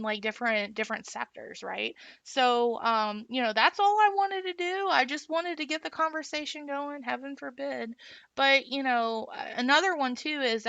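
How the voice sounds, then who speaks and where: A woman's voice: a little high, gravelly, bright, forceful tone, dry recording. A woman giving casual advice as an instructional designer, chatty and rambling, with many fillers and restarts. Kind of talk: casual livestream talk.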